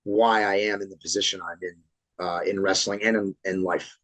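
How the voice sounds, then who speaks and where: Thirtysomething guy on a podcast, lowish voice, dry close mic, swears a lot telling stories. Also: normal speed, no echo, low-quality recording. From Florida. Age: 30s. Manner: animated storyteller, swears freely. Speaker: pro wrestler guest. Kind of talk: casual podcast interview storytelling.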